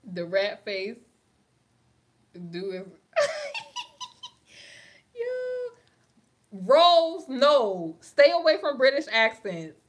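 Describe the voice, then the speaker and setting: A woman's voice: high voice, sing-song, very slow, long pauses. A young woman from New York with a New York accent, hosting a casual livestream and chatting with viewers, laughing often and talking in slang. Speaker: livestream host. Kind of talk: casual livestream chat reading comments.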